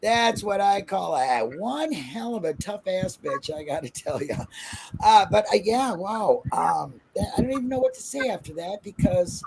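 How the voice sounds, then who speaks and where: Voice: mid-range voice, very animated, normal speed, gravelly, darkish tone, slight background noise, poor audio. A brash co-host interviewing casually, joking and acting out bawdy quotes. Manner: brash, joking, talks over the guest, acts out bawdy quotes. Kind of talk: casual live interview chat.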